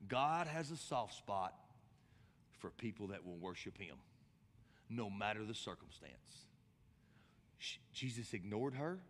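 Impassioned pastor in a big echoing church. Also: male voice, fairly bright tone. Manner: impassioned preaching, rising to high emphatic bursts. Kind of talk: sermon. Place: large church hall. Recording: long church hall reverb.

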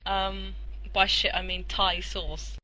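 Bright rambling woman. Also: medium pitch, little pitch movement, slow, no room sound, rough recording. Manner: rambling, explains with fillers and swearing. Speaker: podcast co-host. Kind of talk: casual podcast banter.

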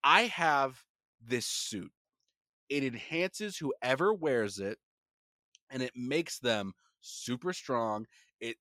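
A man on a podcast voicing a scheming male crime boss who speaks in a low, calm, businesslike way. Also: dry recording, studio quality.

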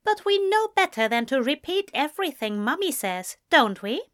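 A woman's voice: sits high, big pitch swings, normal speed, pitched above the performer's own voice. A woman reading an audiobook, voicing a fussy, dry-witted male teacher with a prim, teasing manner. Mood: wry teasing.

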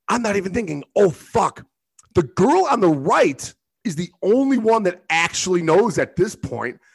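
A man's voice: sits high, fairly bright tone. Profane rambling man telling stories. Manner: profane, rambling, self-mocking. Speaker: podcast host; bartender. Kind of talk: casual storytelling monologue.

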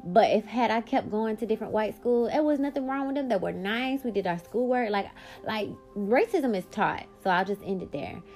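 A woman hosting her own podcast, telling a personal story in a blunt, animated way and swearing freely. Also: fairly high pitch, normal speed, soft background music. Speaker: podcast host.

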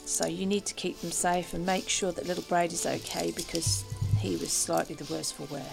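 A woman playing a gravelly blunt adventurer. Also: on the low side, fairly even intonation, normal speed, music in the background. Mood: serious.

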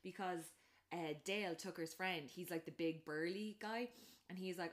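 A woman chatting casually, retelling a film plot and acting out the characters' lines, with lots of fillers. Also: moderate pace. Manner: animated storytelling, acts out characters' lines in a raised pitch; many fillers and restarts.

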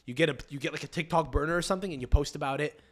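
A man's voice: fairly high pitch, very fast, fairly bright tone. A young man hosting a podcast, riffing casually with crude profanity and rambling restarts. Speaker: podcast host.

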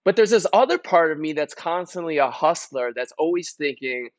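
A man, a podcast guest, talking earnestly and haltingly about his work. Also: a little high, expressive, dry recording. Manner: earnest, halting, with many restarts. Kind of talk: casual podcast chat.

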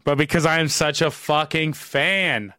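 A man's voice: on the high side, steady tone, measured pace, sharp tone, no echo. Casual man hosting a podcast. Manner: casual, laughs often, swears freely. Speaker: podcast host.

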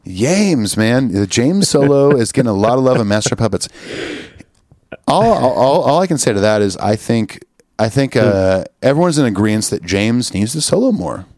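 A man's voice: medium pitch, animated, moderate pace, a little mellow, dry recording, studio quality. A man in his late thirties co-hosting a podcast, tired and punchy, joking loosely and reading listener emails with plenty of swearing. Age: 30s. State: sleep-deprived, punchy. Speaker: podcast co-host. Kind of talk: casual podcast banter.

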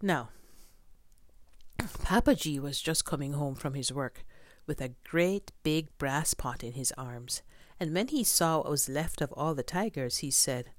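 A woman reading a children's story aloud in an expressive, drawn-out storytelling manner. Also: low-pitched, dry recording, clean studio sound.

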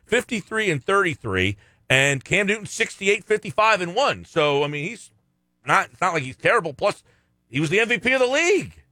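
Sports radio cohost guy, bright lively voice, opinionated, dry close mic. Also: high-pitched, normal speed, no room sound. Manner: opinionated, lively, reads out listener texts. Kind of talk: casual sports talk.

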